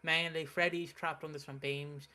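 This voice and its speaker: A man's voice: a little high, little pitch movement, moderate pace, pushed and bright. A young man hosting a casual chat, recapping soap opera plot with lots of fillers and restarts. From United Kingdom. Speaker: soap opera reaction host.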